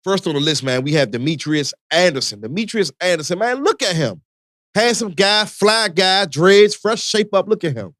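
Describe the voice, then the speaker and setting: High, lively-voiced radio host. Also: male voice, moderate pace, dry recording, clean studio sound. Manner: animated, preachy, conversational with slang. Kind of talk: casual radio talk.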